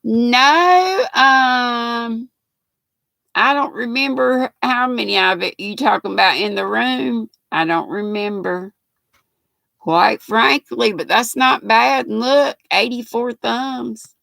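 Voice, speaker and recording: Reading viewer comments on her live stream, an older woman with a Southern North Carolina accent keeps things folksy, chatty, and full of laughs. Her fairly bright voice sits a little high, carries some vocal fry, and moves at a measured pace, recorded without echo.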